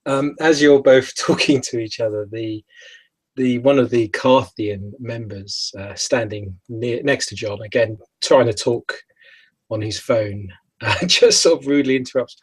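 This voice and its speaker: A man's voice: medium pitch, measured pace, breathy edge, dry recording, rough recording. A man narrating his character in a tabletop role-play, hesitant and often laughing. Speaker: player.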